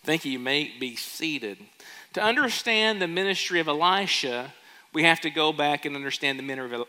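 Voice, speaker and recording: Man preaching a sermon, bright voice, storytelling, asks the room questions, long church reverb. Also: mid-range voice. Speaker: pastor. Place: church sanctuary.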